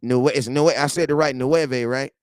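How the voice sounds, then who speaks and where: Around forty, this man hosts a casual football fan show out of his garage, talking in animated slang and swinging from loud outbursts to low asides. He's brisk, and the sound is clean and studio-like with no echo.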